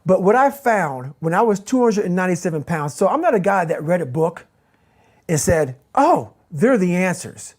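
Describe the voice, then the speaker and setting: A man's voice: high-pitched, lively intonation, a little fast. A man giving a motivational interview as the guest, speaking intensely and emphatically and repeating his key phrases.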